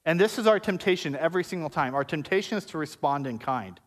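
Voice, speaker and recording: A male pastor delivers a sermon in a relaxed, conversational way, slipping in jokes and playful asides to the congregation. His speaking voice sits notably high for a man. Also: quick pace. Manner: conversational, joking preacher with asides. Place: church service before a congregation.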